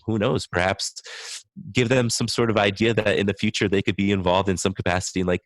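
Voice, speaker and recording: A man's voice: on the low side, flat delivery, a little fast, no room sound. A man speaking as a guest on a podcast interview, an enthusiastic speech-language pathologist thinking aloud.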